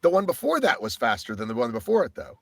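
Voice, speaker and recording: A man co-hosting a podcast, telling his race story in a casual, animated way and swearing often. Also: medium pitch, fast, vocal fry, no room sound. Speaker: podcast co-host.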